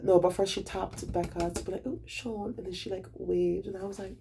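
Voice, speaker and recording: A young man, a student, retelling his day in a casual vlog, animated and dramatic, swearing freely. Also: sits high, a little fast, vocal fry, a little hiss or hum.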